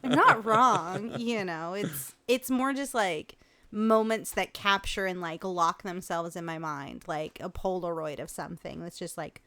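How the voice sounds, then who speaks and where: A woman co-hosting a casual podcast chat, talking in a chatty, playful way and often pausing to search for words. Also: on the low side, a bit bright. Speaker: podcast co-host.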